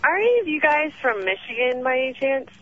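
Giggly teen caller on phone. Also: female voice, high-pitched, big pitch swings, fast talker, faint music behind. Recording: bright tinny phone line.

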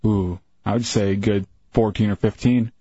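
A man's voice: fairly low pitch, steady tone, normal speed, dark tone, breathy edge, no echo. Laid-back man in radio chat. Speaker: radio show co-host. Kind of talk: casual radio banter. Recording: dull lo-fi radio recording.

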